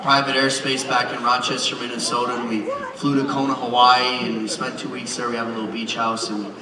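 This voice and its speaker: A man giving a motivational speech on stage, telling a funny family story in an animated, joking way with an audience present. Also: mid-range voice, fairly quick, a crowd in the background. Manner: animated, joking, acts out voices. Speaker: motivational speaker. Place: large hall with live audience. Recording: roomy hall from far off, with audience.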